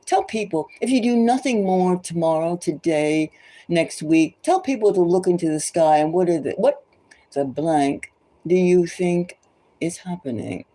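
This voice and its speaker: A woman's voice: lowish voice, lively intonation, unhurried, warm tone, rough recording. A woman tarot reader giving an impassioned, preachy monologue full of urgent repeated exhortations, sometimes dropping to a whisper.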